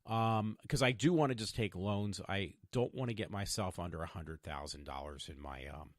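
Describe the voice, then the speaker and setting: A man's voice: deep voice, normal speed, dry recording, clean studio sound. A man in his fifties talking in a meandering, stop-start way with many fillers, hosting his own podcast. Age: 50s. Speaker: podcast host. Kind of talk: rambling personal vlog.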